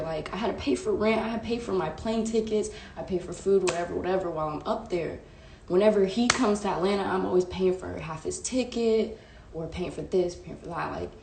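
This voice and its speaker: A woman's voice: lowish voice, creaky, mellow. A young woman, telling a candid, emotional story to her live-stream viewers with lots of "like" and "bro.". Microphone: phone live stream. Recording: echoey room with faint background hiss.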